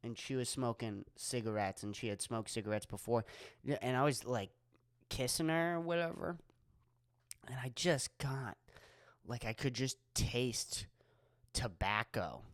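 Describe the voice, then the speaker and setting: Speaking unhurriedly in a medium-pitched, fairly bright voice, a young comic from Erie, Pennsylvania, rambles through a solo episode of his own podcast. He's profane and leans heavily on fillers, and the studio-quality recording has no room sound.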